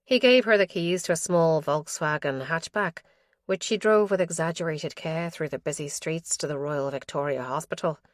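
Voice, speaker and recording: A woman narrating a crime audiobook in a measured, even reading voice on a close microphone. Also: low voice, no echo. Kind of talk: scripted narration.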